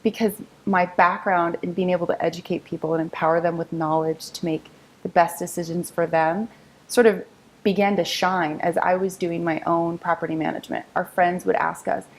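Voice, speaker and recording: This is an interview conversation with a woman real estate agent in her thirties, who shares her career story at a normal speed in a lowish voice over a rough recording. Her manner is upbeat and narrative, and she imitates others' words in animated voices.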